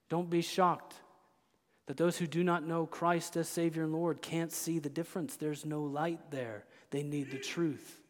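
A man preaching a sermon as pastor, with impassioned delivery that swings between loud proclamation and hushed intensity. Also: on the high side. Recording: long church reverb.

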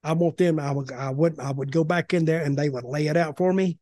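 A man's voice: a little high, fairly even intonation, a little fast, dark tone, no echo, studio quality. An older man telling blunt, rambling stories in casual podcast chat, often repeating himself. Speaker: podcast guest, former wrestling executive.

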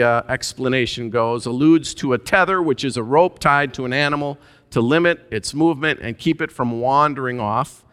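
A male pastor preaching a sermon in a relaxed, conversational way, musing aloud with frequent filler sounds. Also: mid-range voice, smooth, in a large hall. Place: church sanctuary.

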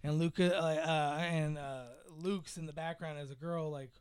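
A young man with a high, smooth, clear voice chats casually about a film. He rambles, full of fillers, and slips into acted-out lines from the characters. The sound is close and dry. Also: fairly even intonation, unhurried, dry recording. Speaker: podcast co-host recapping a movie. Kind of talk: casual chat.

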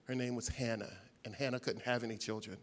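A man preaching a sermon, retelling stories conversationally with big swings in loudness and pitch. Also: steady tone, fast talker. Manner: conversational, many fillers.

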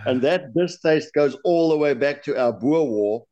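Chatty South African man, halting restarts. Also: a little high, expressive, dark tone, highs cut off. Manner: chatty, repeats words while searching for them. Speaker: guest, lure designer. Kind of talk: podcast interview.

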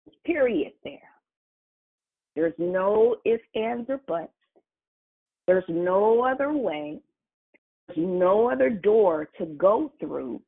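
Woman preacher, slow deliberate delivery, emphatic and repetitive, tinny phone-line sound. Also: medium pitch, expressive, slightly rough. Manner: emphatic, spells out words and repeats phrases. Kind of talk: sermon.

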